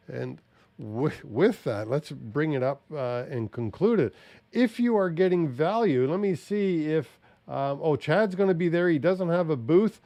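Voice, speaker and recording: A man's voice: mid-range voice, a little mellow, no echo. A man hosting a podcast in casual chat, rambling and thinking aloud as he wraps up the show. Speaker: podcast host.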